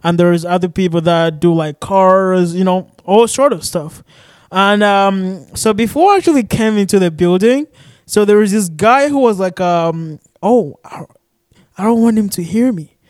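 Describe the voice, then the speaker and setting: A man's voice: high-pitched, unhurried, darkish tone, dry recording. A young man from Arizona hosting a casual solo podcast, rambling with lots of fillers and cursing, recorded in a shared studio office. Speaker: podcast host.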